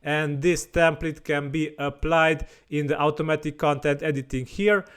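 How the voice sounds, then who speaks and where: Man walking through a software tutorial. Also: fairly high pitch, steady tone, moderate pace, clear, resonant tone. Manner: plain explaining with frequent fillers and restarts. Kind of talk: screen-recorded software tutorial.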